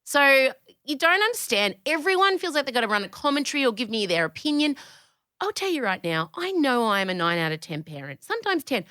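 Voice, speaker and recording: An Australian woman hosting a podcast, chatting in an animated, opinionated way, swearing freely and jumping between tangents. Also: high voice, fairly quick, dry recording, clean studio sound. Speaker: podcast host; comedian. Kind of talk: casual podcast chat.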